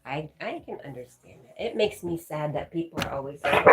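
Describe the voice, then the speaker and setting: A woman's voice: low voice, lively intonation, fairly quick, few pauses. A woman hosting a livestream, talking casually and affectionately with viewers as she reads and answers their comments. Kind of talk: casual live-chat talk.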